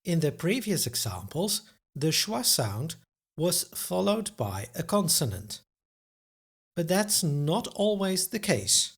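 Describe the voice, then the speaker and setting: A man's voice: on the high side, very animated, slow pace, breathy edge. A man teaching a pronunciation lesson, carefully enunciating each example word and then giving its translation. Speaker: Dutch language teacher.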